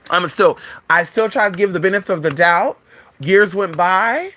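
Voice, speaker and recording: A woman's voice: fairly low pitch, expressive, normal speed, fairly bright tone, no echo. A woman in a casual storytime vlog, telling a frank, profane story in a chatty way. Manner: acts out other people's voices in quotes. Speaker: vlogger.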